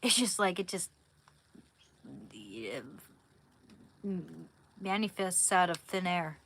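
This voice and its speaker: A young woman chatting casually on a livestream at home, giggling and trailing off into soft whispers as she talks to viewers. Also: fairly low pitch, sing-song, slow, a little hiss or hum. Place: home room, indoors.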